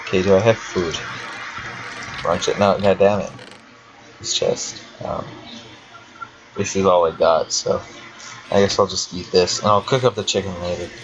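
A man's voice: low voice, steady tone, normal speed, long pauses. A young man giving casual commentary while he plays a game, chatty and talking to himself, swearing now and then. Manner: chatty, swears and laughs often, talks to himself. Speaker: let's player. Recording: dull lo-fi home recording with faint hiss.

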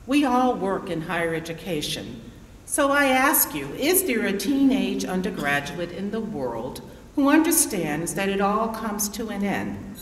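Woman in her 60s, keynote speaker. Formal, lively address full of rhetorical questions, heard from afar in a big echoing hall. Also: mid-range voice, a little hiss or hum. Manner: rhetorical, poses questions to the audience. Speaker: keynote speaker, association president. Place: large conference hall. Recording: roomy reverberant hall, distant mic.

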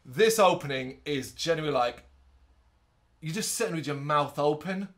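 A man whose voice is a little higher than most men's co-hosts a laid-back movie review podcast. He recaps scenes animatedly and briefly puts on silly voices for quick jokes.

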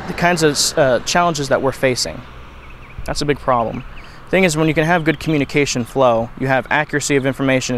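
A man's voice: mid-range voice, slight background noise, low-quality recording. Rambling young man lecturing. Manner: rambling, with frequent restarts and fillers. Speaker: video lecturer. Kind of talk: unscripted explanatory talk.

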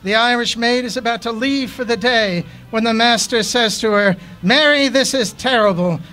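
A man reading his own memoir poetry aloud at a poetry festival, in a measured, unhurried way. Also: very high voice, steady tone, sharp tone.

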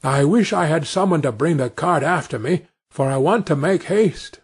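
A man's voice: a little high, normal speed, slightly rough. A man voicing a poor woodman father in a read-aloud fairy tale, plain and fatherly.

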